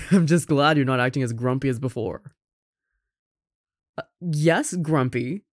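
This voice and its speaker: Casting: a performer playing a tender, caring roommate confessing love, unhurried delivery, dry close sound. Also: mid-range voice, no echo, close to an everyday voice. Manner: soft, tender, with gentle laughs and sighs. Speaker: audio roleplay performer. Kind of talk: romantic audio roleplay addressed to the listener.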